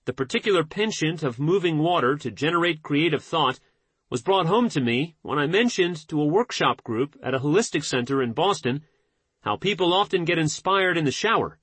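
A man narrating a nonfiction audiobook in a measured, steady reading voice. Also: on the high side, husky, dry recording.

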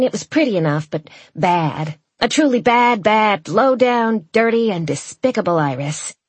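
A woman's voice: on the low side, slightly rough, dry recording. Woman narrating a wry first-person story. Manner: wry, lively reading with voiced dialogue. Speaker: audiobook narrator.

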